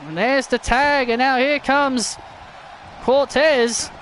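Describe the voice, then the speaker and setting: A man calling a video game wrestling match as excited play-by-play commentary, often shouting and stumbling over his words. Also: very high voice, slow pace, slight background noise. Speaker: wrestling commentator and channel host.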